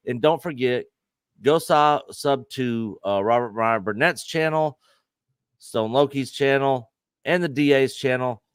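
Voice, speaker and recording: A man hosting a casual livestream, reading chat donations aloud and thanking viewers with quick upbeat affirmations. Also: medium pitch, clean tone, no room sound, studio quality. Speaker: host.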